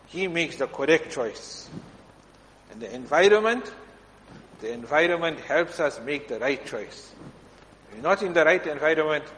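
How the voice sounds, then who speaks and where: A man delivers a storytelling sermon, pitched a little higher than most men. He keeps pausing to clear his throat as he moves through his anecdotes. His voice carries a long reverb from the hall, with a faint hum behind it. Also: a bit bright. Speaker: preacher.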